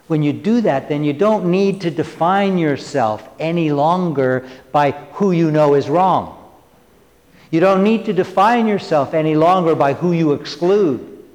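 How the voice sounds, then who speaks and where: A man preaching a sermon as pastor, speaking conversationally and teasing his congregation, his voice swinging from loud to hushed. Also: fairly high pitch, in a large hall. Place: church.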